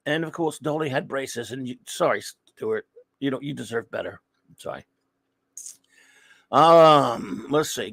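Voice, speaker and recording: A man hosting a live comics talk show, chatting casually and rambling through friendly shout-outs to viewers in the chat. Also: medium pitch, expressive, normal speed, vocal fry, no echo. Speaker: podcast host.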